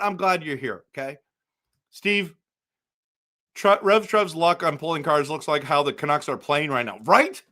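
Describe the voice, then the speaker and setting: A man hosting a casual live stream for viewers, excitable and exasperated, breaking into loud outbursts. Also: a little high. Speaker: livestream host.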